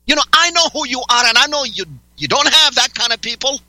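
High-voiced sarcastic radio host. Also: male voice, brisk, pushed and bright, no echo, low-quality recording. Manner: interrupting, demanding, sarcastic. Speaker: radio talk show host. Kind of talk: heated on-air argument with a caller.

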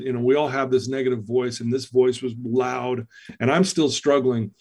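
A man's voice: medium pitch, fairly even intonation, fairly quick. A man as a podcast guest, telling a personal story in an earnest, emotional way. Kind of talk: storytelling in an interview.

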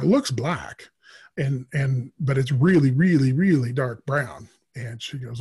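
A middle-aged man speaking as a podcast guest, telling rambling stories full of filler pauses. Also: medium pitch, a little mellow, husky. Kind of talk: casual storytelling interview.

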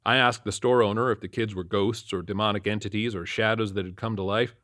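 Casting: earnest male narrator, low voice, dry close-miked audiobook. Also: steady tone, a little fast, a bit bright, no room sound. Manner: earnest, matter-of-fact. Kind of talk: first-person horror story narration.

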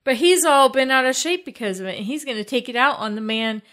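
A woman's voice: high voice, quick pace, fairly bright tone. A woman co-hosting a podcast, chatting casually about a film with dry, good-humored remarks. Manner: wry, laughs easily, short replies. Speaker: podcast co-host.

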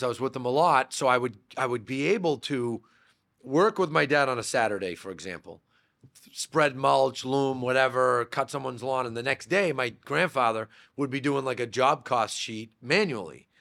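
A man's voice: medium pitch, gravelly, fairly bright tone. A man from Massachusetts, a podcast guest, telling rambling childhood stories in a casual interview, with many fillers and restarts. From Massachusetts, USA. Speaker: real estate brokerage owner, podcast guest.

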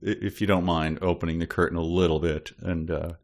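Really deep voiced dude goofing around on a podcast, sarcastic. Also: male voice, flat delivery, a little fast, a little mellow. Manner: playful, jokey, sarcastic. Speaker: podcast co-host. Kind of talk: casual comedic chat.

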